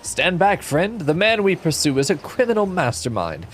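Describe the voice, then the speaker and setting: Pompous gentleman detective, game voice, theatrical, swooping pitch, as a man puts it on. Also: big pitch swings, normal speed, soft background music. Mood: grandiose. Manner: grandiloquent, theatrical. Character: pompous flamboyant male gentleman inspector.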